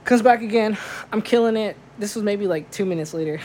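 A man's voice: high-pitched, brisk, darkish tone. Dj guy telling a story, super slangy, "like" every other word, light noise in the background. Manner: slangy, says "like" a lot. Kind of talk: casual storytelling.

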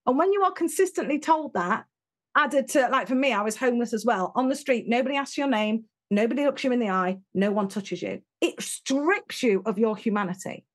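A British woman with a high, bright-sounding voice speaks as an interview guest. She tells stories with energy and emphasis, slipping into the voices of the people she quotes. The tone is conversational rather than scripted. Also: brisk. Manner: animated, emphatic storyteller who acts out quotes.

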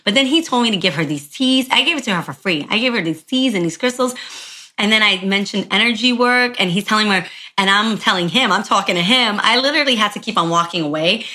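A woman telling a story in casual podcast chat, animated and chatty, often saying "like" and calling the listeners y'all. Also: medium pitch, fast talker. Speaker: podcast host and spiritual practitioner.

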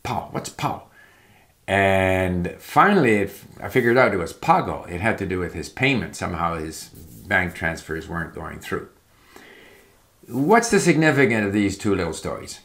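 A man with a fairly low voice talks through his advice in a loose, conversational way. He rambles, restarts sentences, and leans on "uh" and "you know" as he goes. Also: big pitch swings, normal speed, fairly bright tone. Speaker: language learning talker. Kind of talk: casual spoken advice monologue. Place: home in Palm Springs.

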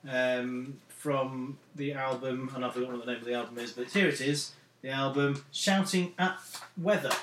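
A man's voice: medium pitch, steady tone, moderate pace, fairly bright tone, a little hiss or hum. A man hosting a casual podcast, chatty, stumbling a little as he reads out facts. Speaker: podcast host. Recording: echoey room.

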